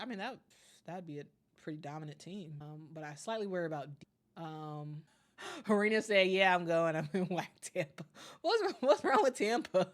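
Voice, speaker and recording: Chatty young woman hosting a livestream. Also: lowish voice. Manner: chatty, lots of fillers and repeats; reads viewer comments aloud in a lively way. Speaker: sports channel host. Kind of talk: casual livestream chat.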